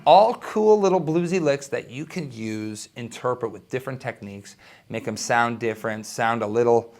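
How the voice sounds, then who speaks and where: A young man teaching a guitar lesson, talking in an enthusiastic, conversational way with quick asides. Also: medium pitch, darkish tone. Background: electric guitar playing.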